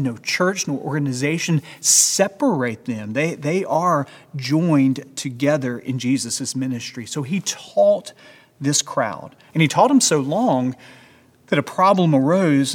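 A man's voice: a little high, in a large hall. A man pastor preaching a sermon in an earnest, emphatic way, asking his listeners rhetorical questions.

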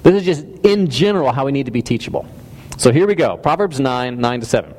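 A man's voice: mid-range voice, big pitch swings, fast talker, darkish tone. A man preaching a sermon in a conversational, self-deprecating way, with frequent restarts and stammers. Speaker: pastor. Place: church hall. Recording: reverberant hall.

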